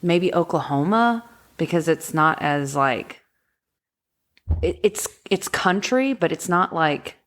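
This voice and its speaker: A woman's voice: on the low side, expressive, slow. A young woman from rural Texas, co-hosting a podcast and chatting casually about a film, giggly and prone to trailing off. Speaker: podcast co-host.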